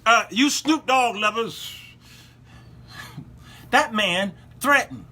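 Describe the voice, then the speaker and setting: A male show host giving preachy, sarcastic commentary, animated and repetitive. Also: extremely high pitch, takes it slowly.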